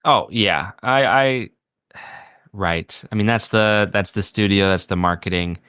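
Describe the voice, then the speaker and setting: A man's voice: on the low side, measured pace, bright, forceful tone, clear, resonant tone, dry recording, clean studio sound. A man co-hosting a podcast, talking about a movie in a wry, sardonic way. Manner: wry, sardonic, quotes lines with mock voices. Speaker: podcast co-host. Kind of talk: casual movie review chat.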